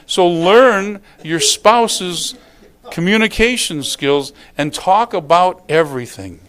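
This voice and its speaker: A man's voice: high-pitched, expressive, slow, a bit bright. A middle-aged male pastor giving a sermon in a folksy, conversational way, often acting out quotes.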